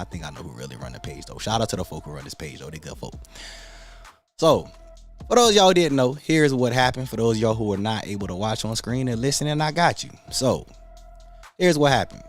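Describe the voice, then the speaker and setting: A man's voice: low-pitched, animated, brisk, soft background music. A man hosting a casual livestream, greeting viewers by name in laid-back slangy talk. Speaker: livestream host.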